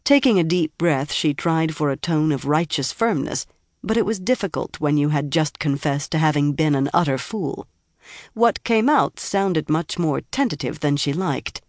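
Low-voiced woman reading an audiobook. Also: expressive, unhurried, a little mellow, dry recording, studio quality. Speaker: audiobook narrator. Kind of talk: scripted fantasy narration.

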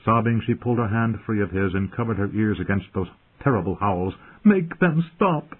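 A man narrates an audiobook in a measured, dramatic way. His voice sits low and sounds husky. The recording is thin and tinny, like a phone line. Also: steady tone.

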